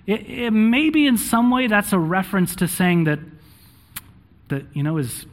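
A man's voice: sits high, very animated, unhurried. A married man preaching a sermon, reading scripture aloud and often checking in with the congregation with "okay?" between points. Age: adult, married. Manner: checks in with frequent "okay?", with fillers. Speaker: pastor.

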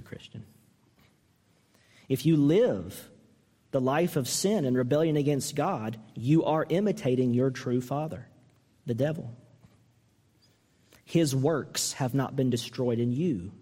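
Emphatic preaching man, high voice, echoing hall. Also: warm tone. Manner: earnest, emphatic preaching with rhetorical questions; voice climbs high when mimicking a harsh reading. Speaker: pastor. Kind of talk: sermon.

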